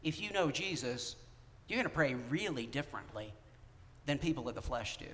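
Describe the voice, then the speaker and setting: A man preaching a sermon in a conversational, animated way, with casual asides to the congregation. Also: medium pitch, normal speed, slight background noise. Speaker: pastor. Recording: long reverb of a church hall.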